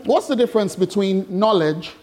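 A man's voice: sits high, animated, moderate pace, darkish tone. A man preaching an interactive sermon to a congregation, chatty and jokey, asking questions and teasing the room. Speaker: pastor. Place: church hall with congregation.

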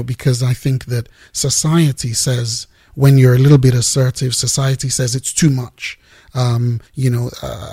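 Male Christian radio host, husky and earnest, reflective between songs. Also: mid-range voice, dark tone, no echo, studio quality. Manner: unhurried, searching for words, earnest. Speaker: host of a Christian music program. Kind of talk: reflective devotional talk between tracks.

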